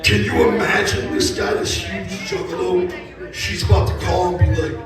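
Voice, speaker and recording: A man in his fifties telling a profane, animated story to a live crowd, laughing and shouting punchlines. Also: sits high, moderate pace, over music. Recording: echoey live venue from far off with loud crowd.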